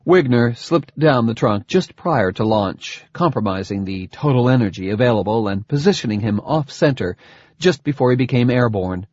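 Man reading a story, husky voice. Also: mid-range voice, lively intonation, moderate pace, darkish tone, no echo. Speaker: audiobook reader. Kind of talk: scripted narration. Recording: dull dry lo-fi recording.

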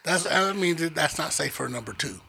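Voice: mid-range voice, lively intonation, fairly quick, creaky, pushed and bright, a little hiss or hum. A podcast co-host chatting casually, teasing the storyteller with profane jokes. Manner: teasing, joking interjections, profane. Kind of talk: casual chat.

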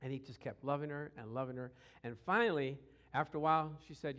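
A middle-aged man preaching a sermon through personal stories, acting out voices with shouts and growls. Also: mid-range voice, fast talker. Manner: animated, acts out quotes with shouts and growls. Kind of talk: storytelling sermon.

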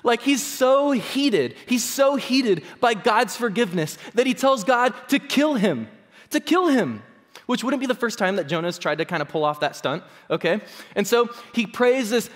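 A man's voice: high voice, fairly bright tone. A man preaching a sermon in a casual, playful way, often checking in with "okay?" and "right?". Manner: conversational, playful, many "like"s and "okay?". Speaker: pastor. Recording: long hall reverb.

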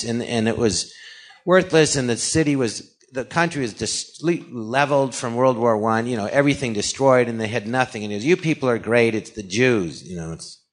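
Man rambling through a heated story. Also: mid-range voice. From California, USA. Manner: rambling, animated retelling with quoted dialogue and sarcastic asides. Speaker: guest actor and comedian. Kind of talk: casual storytelling in a podcast interview.

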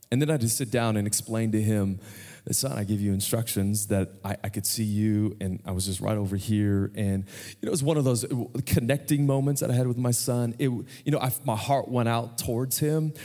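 A male American pastor in his thirties, preaching to a congregation in a casual, storytelling way and often asking the room questions. His voice sits at an ordinary middle pitch. It carries a long reverb that rings through a large church sanctuary. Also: mellow. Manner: conversational, storytelling preacher who asks the crowd questions. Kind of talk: sermon.

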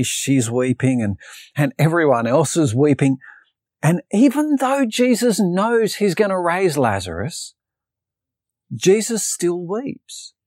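A man's voice: on the high side, a little mellow, dry recording, studio quality. A man preaching an earnest sermon, telling a personal story and reading Bible passages aloud. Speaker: pastor. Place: preaching to an online congregation.

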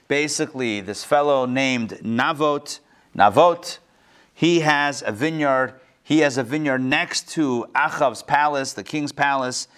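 A man leads a live class as a rabbi, reading passages aloud and then retelling them in casual, modern words. His delivery is animated and playful, and he acts out the characters' lines. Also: mid-range voice, a little slow, few pauses, clear, resonant tone. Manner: lively, acts out the quotes with playful modern paraphrase. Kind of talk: live lesson, reading and explaining a text.

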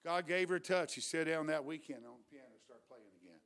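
A man preaching a revival sermon, shifting from quiet storytelling to loud exhortation. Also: on the high side, fast.

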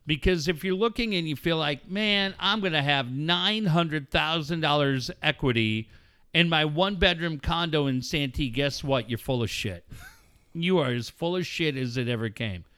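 A man co-hosting a casual talk show, brash and profane, pitching a sponsor with emphatic delivery. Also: normal speed, sharp tone, smooth. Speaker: co-host. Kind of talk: casual radio banter with a read ad.

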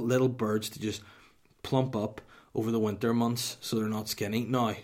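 A young Northern Irish man hosting a podcast, telling a comic story in a sweary, mock-dramatic way and dropping to a whisper for punchlines. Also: fairly low pitch. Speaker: podcast host.

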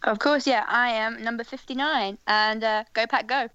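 A woman's voice: a little high, fairly even intonation, normal speed, pushed and bright, clear, resonant tone, no echo, muffled recording. A young woman guest on a podcast, chatting in a friendly way, full of fillers. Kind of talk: casual podcast interview.

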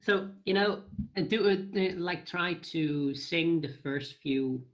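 Podcast host who goads the guests and stumbles over words. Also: mid-range voice. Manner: pushy, joking, halting restarts. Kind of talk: casual interview.

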